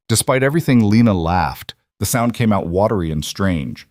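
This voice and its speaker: A man narrating a romance audiobook at a steady, measured pace. His voice is on the low side and sounds dry and close, with no room echo at all.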